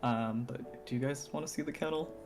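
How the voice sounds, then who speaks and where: A man's voice: medium pitch, a little fast. A man playing a tabletop game, talking casually with hesitant fillers. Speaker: player.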